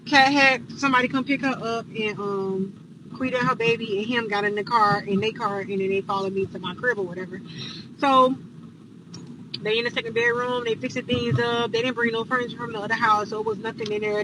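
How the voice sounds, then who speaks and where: A woman's voice: a little high, fairly even intonation, a little fast, noisy background. A woman telling a casual storytime, blunt and profane, acting out the dialogue.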